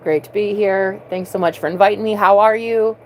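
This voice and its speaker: A woman's voice: medium pitch, steady tone, a little fast, slight background noise, close to an everyday voice, rough recording. Casting: swaggering male healer, cocky and profane, as a woman puts him on. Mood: friendly.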